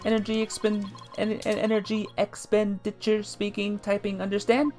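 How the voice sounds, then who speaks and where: A man voicing a stiff, robotic male bomb expert from a courtroom game, in a clipped, halting monotone. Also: high-pitched, faint music behind, voice pushed up, close to an everyday voice.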